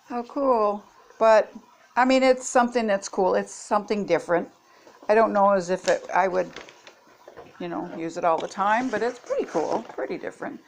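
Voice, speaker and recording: Older lady testing gadgets in her kitchen, chatty and homey, talks right to the viewers. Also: medium pitch. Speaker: product-testing vlogger. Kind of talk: casual kitchen product demo.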